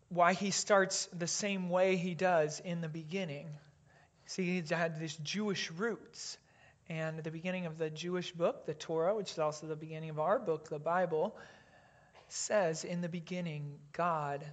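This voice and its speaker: Slow-paced preacher with deliberate delivery who drops to a hush on key lines. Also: medium pitch. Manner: leads the congregation in reading aloud. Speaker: pastor. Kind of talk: sermon.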